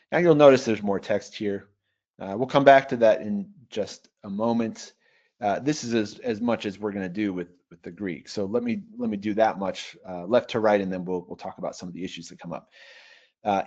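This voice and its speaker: A man with a fairly low voice teaches in a live online webinar, moving through Greek grammar step by step. He reads slowly and measuredly and often thinks aloud. The audio is muffled and lo-fi, as from a computer microphone on a web call. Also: darkish tone. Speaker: Bible software trainer.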